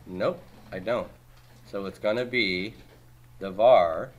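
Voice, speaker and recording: A man with a fairly low voice leads a classroom homework review, firing off questions and answering them himself. He keeps a brisk pace and drops the odd dry joke. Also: slight background noise. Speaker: Hebrew teacher.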